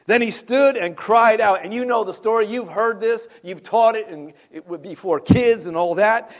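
High-voiced man preaching a sermon. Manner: conversational, asks the congregation questions; reads scripture aloud with rising emphasis. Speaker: pastor.

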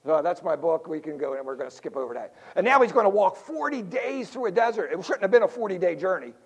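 Older pastor, high-pitched man, playful sermon style with quick jokes and hushed asides. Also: slightly rough. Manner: lively, jokey preaching with sudden drops to quiet asides.

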